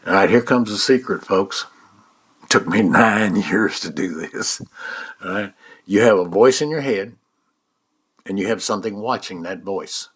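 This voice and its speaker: Man in his 70s, deep voice, folksy teacher walking listeners through a mind exercise. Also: breathy edge. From United States. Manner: folksy, repeats "all right?" and "okay?"; slow, soft-spoken guidance. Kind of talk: guided eyes-closed exercise talk.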